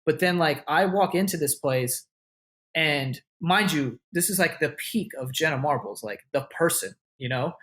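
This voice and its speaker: A slightly high, somewhat bright man's voice, animated and at a moderate pace, comes from a content creator guesting on an interview. Loose and casual, he fills his story with "like," "you know," and lots of cursing, voicing what others said louder than his own words.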